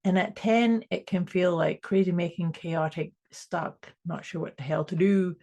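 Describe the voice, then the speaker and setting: A woman with a Scottish accent, co-hosting a casual podcast chat remotely, playful and quick to laugh. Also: fairly low pitch, fairly even intonation, vocal fry. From Scotland. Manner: warm, playful, laughs often. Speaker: podcast co-host. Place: home in Canada, remote call.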